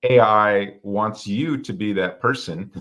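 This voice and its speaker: A man's voice: fairly low pitch, slow pace, a bit bright. A man co-hosting a podcast, speaking reflectively and thinking ideas through aloud. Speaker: podcast co-host. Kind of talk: casual discussion.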